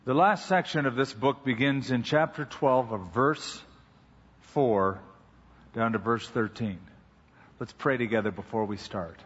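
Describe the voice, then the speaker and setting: A pastor giving a sermon, unhurried and conversational, easing into stories about daily life. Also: male voice, medium pitch, fairly bright tone, breathy edge. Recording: dull recording with long hall reverb.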